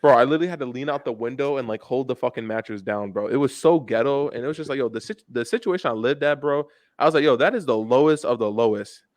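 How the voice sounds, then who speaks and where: A man's voice: mid-range voice, quick pace, few pauses, no room sound. A young man co-hosting a podcast, telling rambling, profane stories in casual chat and calling everyone "bro". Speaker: podcast co-host.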